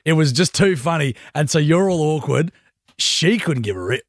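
A man's voice: fairly high pitch, expressive, moderate pace, no room sound, clean studio sound. A man co-hosting a drive-time radio show, teasing his co-host and laughing often. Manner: teasing, laughs often, tells stories with voices. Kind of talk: casual banter.

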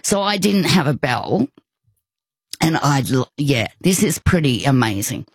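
An older woman telling a personal story as an interview guest, animated and often breaking off mid-thought. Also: low-pitched, measured pace, husky, no room sound. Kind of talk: conversational storytelling.

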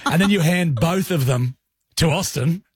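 An Australian man banters on air as a radio co-host. His voice is raspy and breathy, pitched a little high. He keeps teasing and joking, and his close mic sounds dry. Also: normal speed, no room sound. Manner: teasing joker. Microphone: studio microphone.

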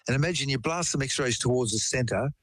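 A man chats casually, breaking down medical terms with homely examples and spinning a case story. His voice sits in a middle pitch, recorded close and dry with no room sound. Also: brisk, no room sound, poor audio. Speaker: science explainer. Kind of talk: casual chat.

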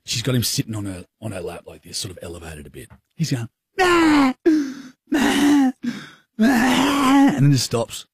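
A young Australian man co-hosting radio, telling a rambling, self-mocking story in a husky voice. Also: low voice, expressive, fast, dry recording, studio quality. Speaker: radio co-host. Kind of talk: casual storytelling chat. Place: radio studio.

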